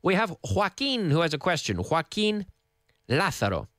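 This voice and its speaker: Animated Canadian male English teacher. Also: a little high, no room sound, clean studio sound. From Canada (Nova Scotia). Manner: patient, repeats words slowly for learners. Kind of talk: live radio English lesson. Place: radio studio. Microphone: studio microphone.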